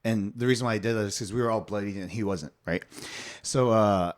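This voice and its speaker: A man's voice: lowish voice, a little fast. A young man hosting a casual podcast, telling stories animatedly with lots of fillers and some swearing. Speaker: podcast host.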